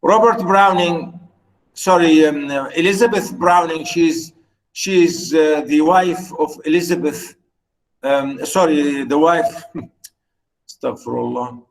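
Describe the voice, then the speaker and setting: Male teacher, high voice, slow delivery, halting with fillers, online class. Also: poor audio. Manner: halting, many fillers and restarts; reads poetry slowly and fondly. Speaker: literature teacher. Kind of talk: online lecture. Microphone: video call.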